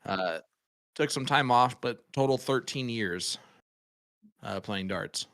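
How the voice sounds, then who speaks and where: Male darts commentator, bright tone, playful banter. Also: medium pitch, takes it slowly. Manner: joking, banters with co-host. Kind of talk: live sports commentary.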